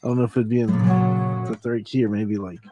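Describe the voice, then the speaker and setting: A man's voice: lowish voice, flat delivery, fairly quick, dull audio, loud music behind the voice. A man hosting a late-night livestream, joking and laughing as he reads chat requests aloud. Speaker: livestream host.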